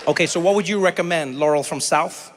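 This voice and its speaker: A man's voice: on the high side, fairly quick. A man from South Africa doing stand-up, telling a story and chatting with the crowd, acting out other people's voices. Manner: animated, acts out voices of others. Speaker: comedian and host. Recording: live venue with long reverb and faint noise.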